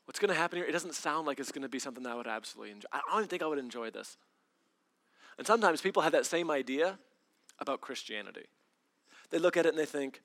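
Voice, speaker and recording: A man preaching a sermon, telling a lively camp story and acting out the quoted voices. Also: a little high, rapid-fire. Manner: animated storyteller, acts out quoted voices, repeats words.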